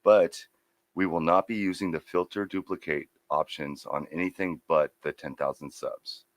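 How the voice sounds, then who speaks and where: This is a man with a deep voice co-hosting a relaxed livestream over a video call. He teases his partner, then turns plain and businesslike when he sets out rules. His sound is dry, with no room around it. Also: normal speed, no room sound. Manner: teasing, businesslike about rules. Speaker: co-host. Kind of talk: casual livestream chat.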